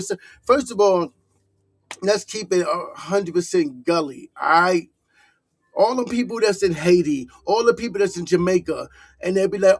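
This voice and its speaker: A man from Harlem with a New York accent, talking in a casual vlog. His voice sits fairly high, and the recording is dry and close. He talks in loose slang and gets heated as he goes. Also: moderate pace, no echo. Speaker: vlogger.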